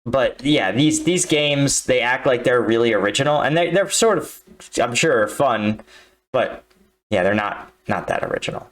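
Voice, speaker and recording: A man's voice: mid-range voice, animated, moderate pace, a bit bright. A man hosting a reaction video, talking casually and often checking in with the listener. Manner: conversational, leans on tag questions like "right?". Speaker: reaction video host, army combat veteran. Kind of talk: casual commentary.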